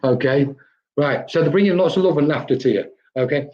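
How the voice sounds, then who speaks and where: A man's voice: fairly high pitch, a little fast, a little mellow, lo-fi sound. A man working as a psychic medium, giving live-stream readings in a chatty way and often checking in with "okay?". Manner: chatty, tags lines with "okay?".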